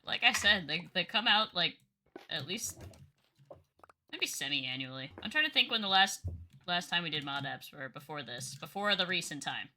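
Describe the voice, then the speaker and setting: A woman's voice: fairly low pitch, sing-song, moderate pace, pushed and bright, a little hiss or hum. A woman streamer chatting casually with friends while playing a game, with lots of filler words. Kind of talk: casual chat while gaming.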